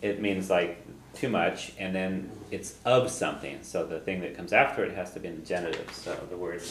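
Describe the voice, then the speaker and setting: Low-voiced male teacher, patient and repetitive, recorded in an echoey classroom. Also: moderate pace. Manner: patient, repeats phrases, chuckles often. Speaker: language teacher. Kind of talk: classroom lesson, explaining phrases. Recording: roomy classroom echo, faint noise.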